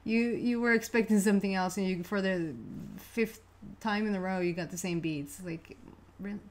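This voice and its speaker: A woman giving a casual, chatty tarot reading, excitable and quick to laugh, often restarting her words. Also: medium pitch. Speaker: tarot card reader.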